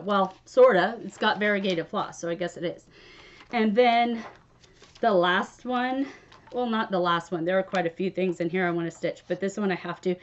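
Woman, casual vlog chat, rambling and gushy, mid-pitched voice, lo-fi sound. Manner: rambling, chatty and gushing. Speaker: cross stitch vlogger.

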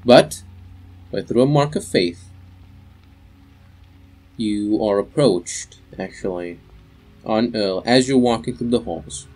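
A man's voice: lowish voice, slow pace, long pauses, darkish tone, faint music behind. A young man narrating as game master for a tabletop game, in a loose, rambling way with many fillers.

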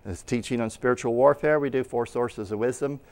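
A man's voice: medium pitch, fairly quick, darkish tone. A middle-aged man, a pastor, teaching in a conversational sermon style and acting out little anecdotes. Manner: conversational preaching with acted-out anecdotes. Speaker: pastor teaching at a Bible school.

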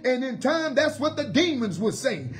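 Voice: sits high, very animated, moderate pace. A Bible study teacher preaching emphatically, repeating key phrases, asking rhetorical questions and drawing words out for stress.

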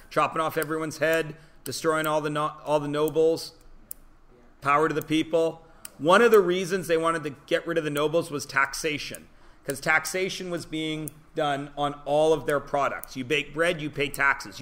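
A man's voice: a little high, steady tone, normal speed, fairly bright tone. A male teacher giving a joking, self-deprecating classroom lecture to his students.

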